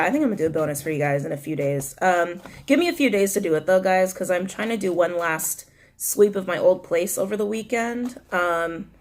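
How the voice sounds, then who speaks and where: A young woman giving a casual tarot reading, animated and blunt, swearing and talking straight to her viewers. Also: on the low side, slight background noise. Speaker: tarot reader.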